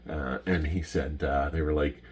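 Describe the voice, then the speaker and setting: A middle-aged Canadian man with a Canadian accent, telling casual stories about his flying days and pausing often with ums and restarts. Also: very deep voice, steady tone, slightly rough. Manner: rambling, many ums and restarts. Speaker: retired pilot showing his patches. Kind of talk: casual storytelling to camera.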